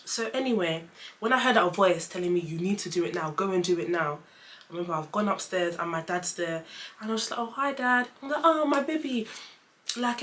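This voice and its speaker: A young woman chats through a personal story to her camera, her bright, clear voice sitting at an ordinary pitch. She leans on fillers and slips into quick little voices when quoting others, keeping the whole thing loose and conversational. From London, England. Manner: chatty, lots of fillers, acts out dialogue in quick voices. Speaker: vlogger. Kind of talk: casual storytelling chat.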